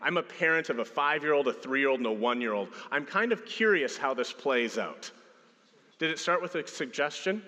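A man's voice: mid-range voice, a little fast, pushed and bright. A man in his thirties preaching a sermon as a pastor, telling stories and acting out quotes with a raised voice. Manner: storytelling, acts out quotes with a raised voice. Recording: long hall reverb.

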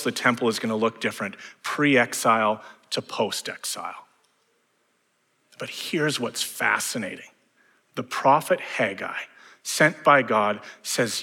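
A male pastor preaches with a bright, forceful tone. He swells to fervent emphasis and then sinks to near-hushed phrases. His voice carries a long reverb, as if he is in a large hall. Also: on the low side, measured pace, creaky, breathy edge. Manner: builds to fervent emphasis, drops to hushed lines. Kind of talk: sermon.

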